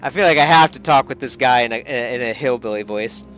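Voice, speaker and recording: A man's voice: mid-range voice, fast, fairly bright tone. A man giving casual let's play commentary as he plays, chuckling and rambling. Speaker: gamer. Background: faint music.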